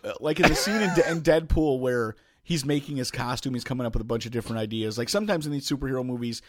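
A man's voice: medium pitch, fast, dry recording, clean studio sound. Rambling man in casual podcast chat. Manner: rambling, with many restarts and asides. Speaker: podcast co-host.

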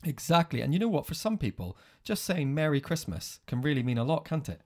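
A man co-hosting a family podcast with his son in a casual, enthusiastic chat, quick to praise. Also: a little high, very animated, darkish tone.

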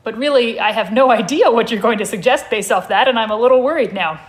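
A woman's voice: on the high side, fast talker, voice pushed up, lightly acted. A woman voicing an awkward, wary adult man who hesitates and backpedals, as part of a comic story reading at a live show.

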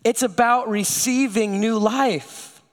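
A man preaches a sermon in a relaxed, conversational way, telling stories with animation. His voice sits fairly high and rings out with a long church reverb. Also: takes it slowly. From United States. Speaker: pastor.

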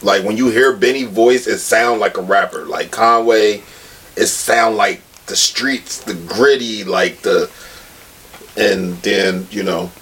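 A man's voice: lowish voice, steady tone, slow pace, a bit bright, a little hiss or hum, low-quality recording. A man in a casual hip hop podcast chat, talking loose and slangy.

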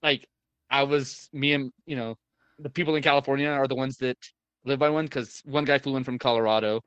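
A man's voice: mid-range voice, steady tone, fairly quick, a bit bright, clean tone, dry recording, muffled recording. A man telling a long story in casual chat, rambling with many fillers and restarts and the odd swear word.

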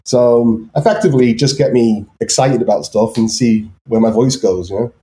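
A man's voice: medium pitch, fairly even intonation, normal speed, dark tone. Hesitant man with anglicized North Welsh accent. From Wales. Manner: hesitant, many ums and restarts. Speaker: guest artist. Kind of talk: casual chat.

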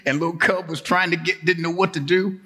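A man's voice: high-pitched, brisk, in a large hall. A man preaching a children's sermon, telling a playful animal story and getting the congregation to join in. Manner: playful, animated, draws the crowd in. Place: church sanctuary.

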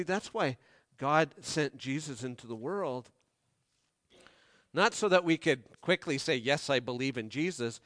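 A pastor preaching a sermon, who moves from soft, slow scripture reading to raised, urgent appeals to the congregation. He has been sick this week. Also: fairly high pitch, no echo, clean studio sound. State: recovering from illness this week.

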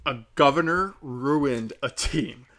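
A man's voice: mid-range voice, takes it slowly, a bit bright. A young man ranting angrily as a podcast host, swearing heavily and raising his voice in frustration. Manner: heated, profane, ranting. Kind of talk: angry opinion rant.

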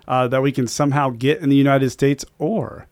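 A man's voice: mid-range voice, fairly even intonation, a little fast, a little mellow. Rambling, chuckling male podcast host. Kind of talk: casual beer podcast chat.

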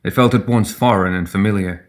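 Low-voiced male fantasy narrator. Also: fairly quick. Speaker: audiobook narrator.

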